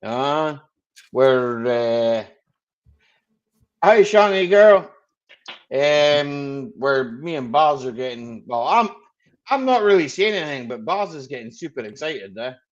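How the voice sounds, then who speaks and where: A man's voice: mid-range voice, lively intonation, a little slow, dull audio. A man chatting on a live stream, saying "aye" and "eh" and greeting viewers as he talks. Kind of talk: casual chat on a live stream.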